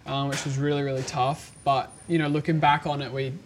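A man's voice: medium pitch, brisk, slight background noise. A man in his twenties with an Australian accent, chatting easily as an interview guest and laughing often. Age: 20s. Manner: easygoing, laughs often, relaxed slang. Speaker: motocross racer, guest. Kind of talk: casual interview chat.

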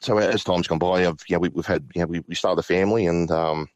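A middle-aged man recounting a personal ghost story, halting with many restarts and fillers. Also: deep voice, fairly even intonation, no echo, dull audio. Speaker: guest.

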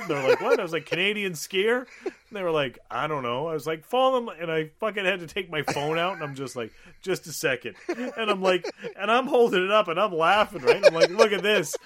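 Animated, swearing man riffing on a film. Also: a little high. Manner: profane, animated storytelling with mimicked voices. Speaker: podcast co-host. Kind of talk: casual movie commentary chat.

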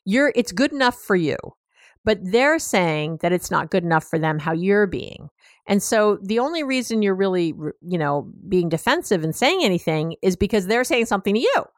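A woman therapist talks straight to the listener in a chatty, direct podcast style, full of filler words. She slips into quick impressions of clients and partners. Her mid-range voice sounds close and dry, with no room echo. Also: medium pitch, very animated. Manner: chatty and direct, many "you know" fillers. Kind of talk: podcast advice talk.

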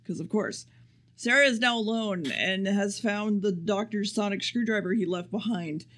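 A man's voice: high voice, normal speed, a bit bright. A man co-hosting a podcast, casually recapping an episode in a rambling, profane way. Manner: rambling and profane, acts out quotes. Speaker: podcast co-host.

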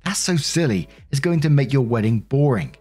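A man's voice: mid-range voice, expressive, moderate pace, darkish tone, husky, pitched above the performer's own voice. A man reading the lines of a defensive, self-pitying middle-aged mother in a slightly raised, indignant voice.

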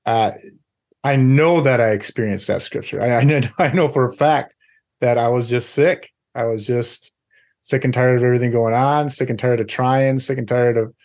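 A man's voice: medium pitch, normal speed, a little mellow. A man co-hosting a podcast, speaking earnestly about faith and scripture. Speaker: podcast co-host. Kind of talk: casual faith talk.

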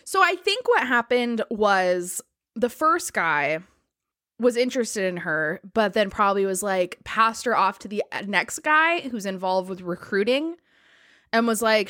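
A woman's voice: mid-range voice, expressive, measured pace, bright, forceful tone, no room sound, clean studio sound. Chatty woman telling a spy story. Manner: chatty, many "like" fillers, laughs easily. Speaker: podcast co-host telling a history story. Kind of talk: casual storytelling chat.

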